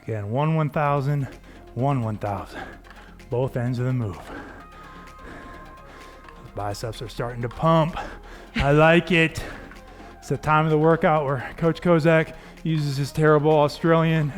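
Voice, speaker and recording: A man's voice: medium pitch, normal speed, faint music behind. Man coaching a workout with encouraging cues. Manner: encouraging, calls out cues and counts. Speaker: fitness coach.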